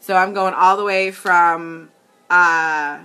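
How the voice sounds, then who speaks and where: A woman's voice: fairly low pitch, fairly even intonation, takes it slowly, bright, forceful tone, smooth. A woman hosting a live makeup tutorial, chatting casually with viewers and laughing often. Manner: giggly, talks straight to viewers, easily amused. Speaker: makeup demonstrator and livestream host.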